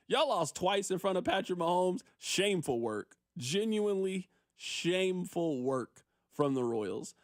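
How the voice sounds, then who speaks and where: High-voiced animated sports radio host. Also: male voice, measured pace, dry recording, studio quality. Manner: animated, riffing on listener texts. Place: radio studio.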